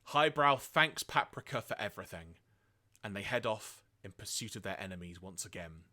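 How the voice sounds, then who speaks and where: A man co-hosting a podcast, retelling episodes in a lively way and acting out quoted lines. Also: normal speed. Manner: lively storytelling, acts out quoted lines in high voices. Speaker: podcast co-host. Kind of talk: casual podcast recap.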